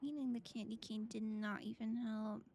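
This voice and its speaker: A woman's voice: fairly high pitch, fairly even intonation, normal speed, warm tone, slight background noise. A woman streamer chatting casually and playfully while gaming, humming silly sing-song noises.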